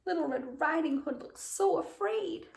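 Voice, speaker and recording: A woman reading a fairy tale aloud to young children, expressive and dramatic. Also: high-pitched, slow pace, far from the mic. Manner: expressive, gasping and wondering aloud. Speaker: preschool teacher. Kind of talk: storybook read-aloud for children. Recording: roomy echo.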